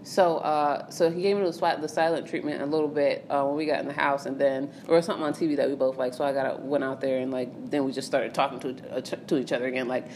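A woman's voice: rumbling low, steady tone, fast, hardly any pauses, a little mellow, slight background noise. A young woman casually telling a story about a fight with her boyfriend, laughing and swearing often. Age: young adult. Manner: laughing, profane, rambling.

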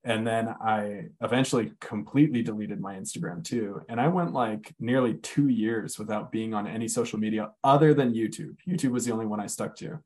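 A man in casual conversation, telling a personal story candidly, swearing freely with lots of filler words and slowing down on heavy moments. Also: fairly low pitch, darkish tone.

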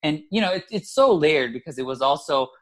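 A man's voice: on the high side, animated, fairly quick. A man co-hosting a casual podcast, talking in a reflective, chatty way and laughing at himself. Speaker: podcast co-host.

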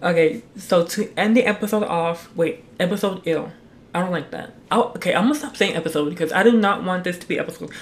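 Talking fast in a mid-range voice, a young adult runs a solo podcast into a mic. The casual chat is rambling, full of restarts and constant cursing.

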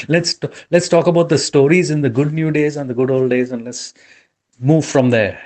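A man's voice: on the high side, steady tone, normal speed, a little mellow. A middle-aged man co-hosting a casual podcast chat over drinks, a bit tipsy, rambling in a loose, affectionate way. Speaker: podcast co-host.

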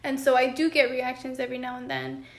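High-voiced woman in an echoey room. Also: sing-song, fast. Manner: earnest, talks in long flowing sentences. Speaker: podcast co-host. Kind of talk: casual podcast chat about relationships. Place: room at home with a cat.

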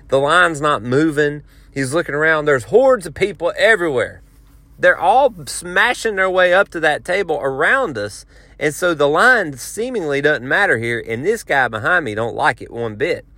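Bright-voiced man telling a story. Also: a little high, moderate pace, no echo. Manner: rambling, animated storyteller with many restarts. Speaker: podcast host. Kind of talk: casual storytelling.

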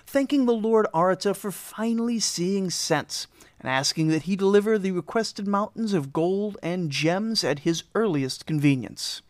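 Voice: mid-range voice, dry recording. Wry history storyteller, dry close sound. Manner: wry, dry humor with casual asides. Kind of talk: scripted storytelling narration.

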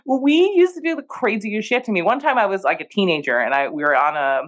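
A woman's voice: mid-range voice, a little fast. A young adult woman co-hosting a podcast, telling stories in casual chat with frequent laughter and acted-out quotes. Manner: animated storyteller, laughs often, acts out quoted voices. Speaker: podcast co-host.

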